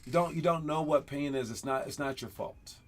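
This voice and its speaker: A man hosts a basketball show, chatting casually over game clips and coaching young players in an animated, rambling style full of laughs. His voice is a little high and a little fast.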